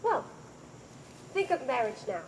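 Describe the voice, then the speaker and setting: A woman playing a formal, commanding noblewoman mother, with a measured verse delivery in outdoor Shakespeare stage acting. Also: high-pitched, big pitch swings, slight background noise, heavily acted.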